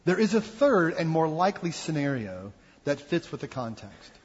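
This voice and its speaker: A man's voice: on the high side, big pitch swings, normal speed, husky. A man giving an earnest, reflective sermon as a pastor. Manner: earnest, reflective preaching with acted quotes. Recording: dull sound with long hall reverb.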